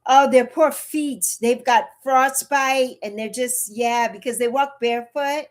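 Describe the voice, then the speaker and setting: A woman's voice: a little high, steady tone, unhurried. A woman in her early sixties chatting bluntly on a livestream, repeating herself for emphasis and answering her chat. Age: 60s. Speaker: livestream host.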